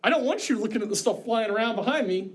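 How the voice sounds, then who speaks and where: Chatty high-voiced male instructor. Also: animated, fast. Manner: chatty, joking asides. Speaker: college instructor. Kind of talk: classroom lecture. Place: classroom.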